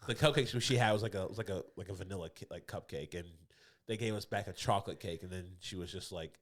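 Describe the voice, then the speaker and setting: On a comedy podcast, a male co-host with a deep voice speaks quickly through a rambling story. He laughs often, restarts frequently, and imitates other people's voices, all captured on a podcast studio mic.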